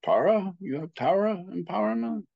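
A man's voice: sits high, lively intonation, moderate pace, gravelly, breathy edge, no echo, voice pushed up, heavily acted. A man putting on a fierce old lama, curt and clipped. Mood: probing. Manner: short clipped exclamations. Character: fierce elderly male lama teacher, blunt and impatient. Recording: slightly muffled dry recording.

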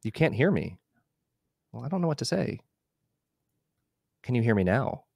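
A man giving a relaxed live screen-share tutorial on a video call, explaining as he clicks through. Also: medium pitch, normal speed, gravelly, slightly rough, dry recording, clean studio sound. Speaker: webinar instructor.

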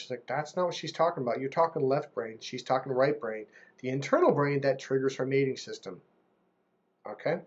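A man with a fairly high, husky voice talks to camera about relationships in a casual coaching session, speaking fairly quickly. He's animated and drifts into impressions of other people, and the audio comes across dull and lo-fi.

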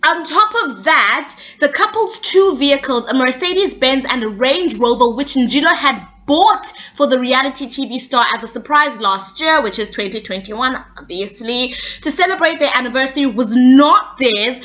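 Brief: young woman, high bright voice, opinionated gossip vlogger, sassy and blunt. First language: not English. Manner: opinionated, sassy, asks "okay?" often. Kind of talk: casual celebrity gossip commentary.

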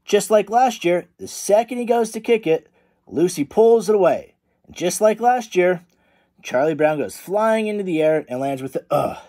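Animated male teacher reading a storybook. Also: sits high, moderate pace. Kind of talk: storybook read-aloud for children.

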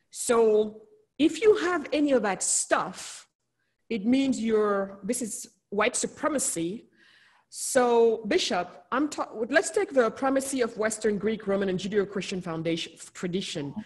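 A higher-pitched woman co-host from Africa talks in a lively, emphatic way, doubling up her words to drive each point home. She sounds like she is on a video call in a relaxed, casual conversation. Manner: animated, emphatic, repeats words. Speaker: podcast co-host.

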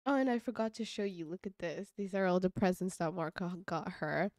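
A woman's voice: fairly low pitch, a little fast, a little mellow, dry recording, studio quality. A woman giving casual, chatty gameplay commentary, gushing and giggling as she goes. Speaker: let's play creator.

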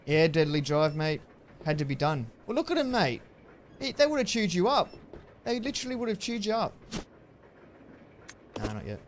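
A young man chatting through a live-streamed game, excitable and prone to yelling thanks at viewers. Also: sits high, moderate pace, a little hiss or hum. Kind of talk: live-stream gameplay commentary.

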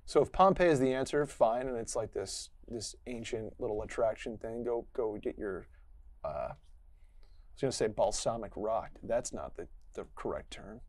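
A man talks his way through a quiz question, rambling as he reasons out loud. His pitch sits in the middle and the recording is dry and close. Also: lively intonation, moderate pace, no echo. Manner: rambling, thinking aloud. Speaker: quiz contestant. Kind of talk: casual chat.

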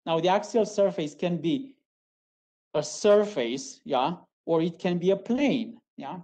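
A woman delivers a university lecture in a low, mellow voice at an unhurried pace. She halts and restarts often, tags her phrases with a questioning "yeah?" and repeats each key term. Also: expressive. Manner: halting, with frequent restarts and fillers. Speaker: geology lecturer.

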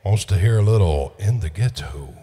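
A man, a band member and the singer's son, joking on stage in a playful, animated way. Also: sits low, normal speed. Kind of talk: casual stage banter. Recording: reverberant live room.

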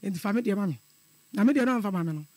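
A man's voice: high-pitched, animated, very fast, warm tone, no echo. A middle-aged man calling in to a radio show, telling a personal story in an earnest, repetitive way. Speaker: caller.

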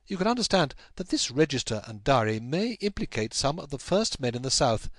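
A man voicing an intense, brilliant detective in an audiobook, with a brisk and emphatic delivery. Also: mid-range voice, no room sound. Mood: grave. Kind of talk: audiobook character voice.

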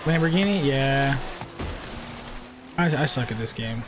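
This twenty-something racing-game streamer has a mid-range, expressive voice and takes his time. He's brash, swears, and hits back at trolls in chat while loud engine noise from the game plays behind him.

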